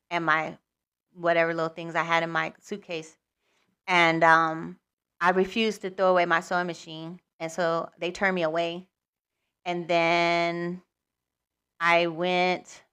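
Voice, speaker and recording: A woman's voice: lowish voice, pushed and bright, clear, resonant tone. A woman hosting a spiritual livestream, telling a personal story in a candid, rambling way with many fillers.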